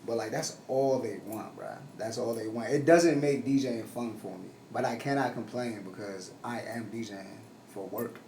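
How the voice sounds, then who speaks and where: A man's voice: medium pitch, moderate pace, few pauses, darkish tone. Laid-back DJ guy, echoey distant mic. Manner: laid-back, loose, swears and says bruh. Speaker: DJ guest. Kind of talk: casual podcast chat. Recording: echoey room, distant mic, faint noise.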